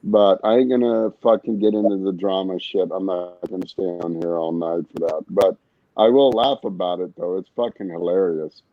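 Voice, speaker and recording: A man's voice: low voice, steady tone, normal speed, no room sound, phone-quality sound. A man rambling casually and cursing a lot while chatting on an online stream. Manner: rambling, profane, laid-back. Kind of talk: casual chat.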